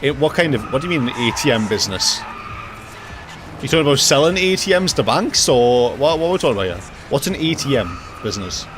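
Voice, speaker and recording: Ranting young streamer. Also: male voice, mid-range voice, big pitch swings, quick pace, background noise. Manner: jokey, ranting, reacts to chat, swears casually. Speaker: livestreamer. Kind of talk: casual gaming livestream chat.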